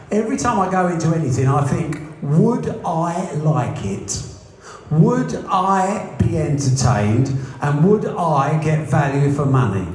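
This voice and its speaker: A man's voice: fairly high pitch, a little mellow, a little hiss or hum. A man, a boxing promoter, telling blunt, humorous stories in an interview. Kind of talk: anecdotal interview storytelling. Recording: echoey room.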